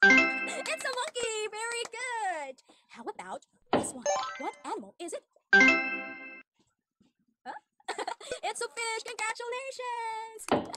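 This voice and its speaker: A woman teaching an online English demo lesson to a young child, with exaggerated cheerful praise and slow, simple teacher-talk. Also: very high-pitched.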